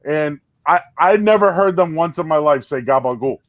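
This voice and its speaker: A man's voice: a little high, expressive, moderate pace, dry recording. A man hosting a casual podcast chat, rambling with lots of restarts and "dude" and "man". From Boston area. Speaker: podcast host.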